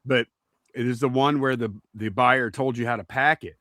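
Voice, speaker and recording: A man's voice: medium pitch, fairly even intonation, fairly bright tone, dry recording. Man, podcast host, casual, stumbling restarts, dry close sound. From Southern Louisiana. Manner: halting, stumbles and repeats words.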